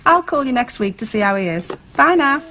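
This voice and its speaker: An actress playing a snobbish suburban housewife who is easily flustered, huffy in private and sweetly polite on the phone, in studio sitcom style. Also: female voice, on the high side, sing-song, brisk, pushed and bright, poor audio. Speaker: sitcom character, hostess planning a dinner party. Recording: studio audience laughter, background noise.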